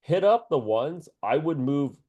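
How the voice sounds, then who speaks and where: A man's voice: on the high side, animated, a little slow, narrow, tinny audio. A man working as a career coach, chatting casually in slang, laughing often and acting out the people he quotes. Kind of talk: casual chat.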